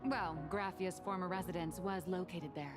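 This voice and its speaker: A woman's voice: lowish voice, steady tone, normal speed, natural voice. An actress playing a sly, wry young woman in a game, telling gossip with a knowing tone. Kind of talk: game voice acting. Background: game music.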